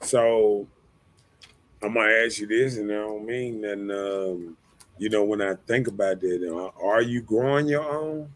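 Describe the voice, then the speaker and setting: Hosting a casual talk stream, this man rambles, repeats words, leans on fillers, and keeps saying "you know what I'm saying." His voice runs on the low side and a little slow, recorded dry.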